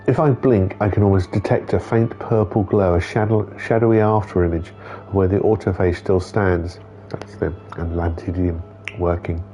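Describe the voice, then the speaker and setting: A man's voice: deep voice, mellow, highs cut off. A man streaming a game, chatting casually, talking to the characters and reading their dialogue aloud. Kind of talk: casual gameplay commentary.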